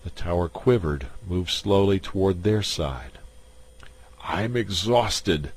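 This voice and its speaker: A man reading a science fiction short story aloud in a measured narration. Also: low-pitched, darkish tone. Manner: slow, measured.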